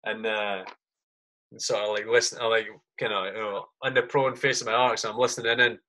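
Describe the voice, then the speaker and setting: A man in his thirties, an army sergeant appearing as a podcast guest, speaks fast in a medium-pitched, steady voice that sounds pushed and bright. He tells war stories casually, swearing heavily, saying "mate" in every sentence, and acting out how he reacted back then.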